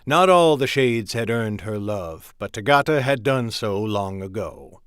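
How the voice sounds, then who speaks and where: A man narrating a fantasy audiobook in a measured, even reading voice. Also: lowish voice, clear, resonant tone, no echo, studio quality.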